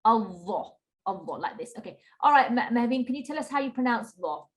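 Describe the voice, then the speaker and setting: A woman teaching a Qur'an recitation class over a video call, patient and encouraging, slowly modelling sounds for students to repeat. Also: on the high side, expressive.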